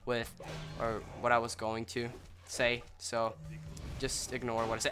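Bright-voiced young man narrating gameplay. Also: medium pitch, unhurried, clear, resonant tone, faint music behind. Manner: rambling, apologetic, bursts into excited yelling. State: slightly sick, clearing throat. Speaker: gameplay commentator. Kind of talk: casual let's-play commentary.

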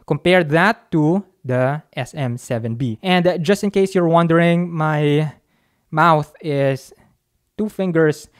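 A man's voice: fairly high pitch, slow pace. A man reviewing a microphone in a casual demo at a home recording setup. He talks close to a dynamic studio mic in a chatty, offhand way and pokes fun at himself. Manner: chatty and offhand, with self-mocking asides. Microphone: dynamic studio mic, talking close.

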